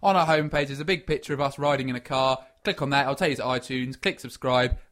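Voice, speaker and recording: A man's voice: medium pitch, fast, fairly bright tone. A man co-hosting a comic podcast, reading out a news story and joking around, sometimes mock-quoting in put-on voices. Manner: jokey, mock-reads quotes in put-on voices. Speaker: podcast co-host.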